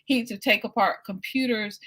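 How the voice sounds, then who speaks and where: A woman's voice: fairly high pitch, normal speed, fairly bright tone, a little hiss or hum. A middle-aged woman hosting a casual interview, telling rambling family anecdotes with plenty of fillers. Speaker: host.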